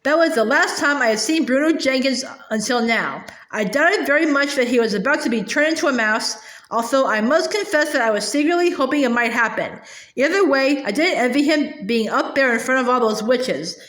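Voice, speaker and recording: Woman, storybook reading, high voice, expressive, small slips, roomy echo. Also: brisk. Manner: expressive, occasional slips and repeated words. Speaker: storybook reader. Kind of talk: reading a children's novel aloud.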